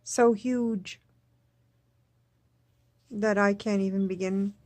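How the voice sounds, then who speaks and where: A woman recording a personal video diary, speaking in a subdued, tearful, halting way and repeating herself. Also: mid-range voice, steady tone, darkish tone, no echo. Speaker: vlogger.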